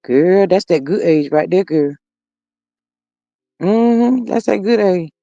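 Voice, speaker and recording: A woman's voice: fairly low pitch, animated, takes it slowly, gravelly, warm tone, no room sound, muffled recording. A middle-aged grandmother hosting a casual livestream, reading viewers' comments aloud and chatting in a homespun, talkative way. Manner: chatty and homespun, reads comments aloud, says "Lord have mercy" often.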